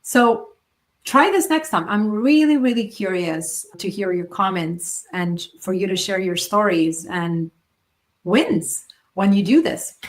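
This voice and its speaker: Woman coaching with emphatic pauses. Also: mid-range voice. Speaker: podcast host. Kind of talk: solo motivational talk.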